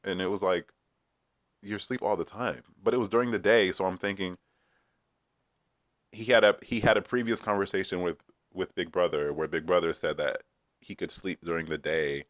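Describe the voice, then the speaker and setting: A man's voice: deep voice, steady tone, a little fast, no echo, studio quality. A man chatting casually in a rambling, profane way, with many fillers, as he recaps a reality show. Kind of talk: casual chat.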